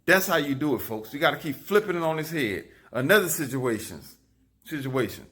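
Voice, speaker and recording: Animated man telling stories to his phone. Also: on the high side, fairly quick. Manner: animated, repetitive, lively storytelling. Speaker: vlogger. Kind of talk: casual storytelling to a phone camera. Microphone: phone camera.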